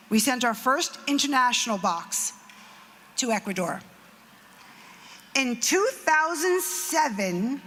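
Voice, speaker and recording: Bright high-voiced middle-aged woman telling stories at an event, long hall echo, faint noise. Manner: warm storytelling with acted quotes and asides. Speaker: nonprofit founder giving a speech. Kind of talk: speech at an event.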